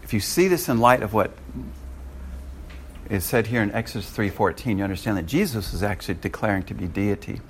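A man preaching a sermon in an animated way, with frequent chuckling asides. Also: on the low side, brisk, slight background noise.

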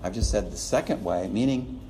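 A man's voice: fairly low pitch, brisk, mellow, a little hiss or hum. A man teaching a preaching class in a classroom, chuckling often and acting out little quotes as he lectures. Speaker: preaching instructor.

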